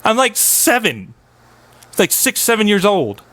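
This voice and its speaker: A man's voice: high voice, big pitch swings, measured pace, a bit bright. A young man streaming, venting in an agitated, profane, rambling monologue.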